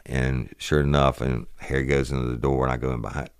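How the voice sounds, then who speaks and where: A man's voice: rumbling low, a little fast, gravelly, hardly any pauses, clear, resonant tone, no room sound, studio quality. A middle-aged man, hosting a podcast and telling a police story in a profane, rambling, casual way. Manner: profane, rambling, animated retelling of a police call. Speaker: podcast host.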